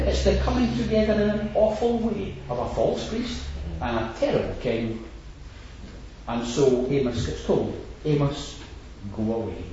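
A man's voice: on the high side, a little mellow, a little hiss or hum. A man preaching an expository sermon, stressing points and repeating phrases as he builds. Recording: echoey hall, distant dull lo-fi mic.

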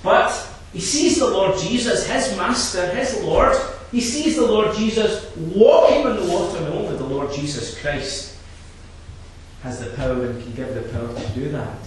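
A man preaching a sermon, swinging from low quiet asides to loud impassioned climaxes and repeating his key phrases. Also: animated, normal speed. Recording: very echoey, from a distance, faint background noise.

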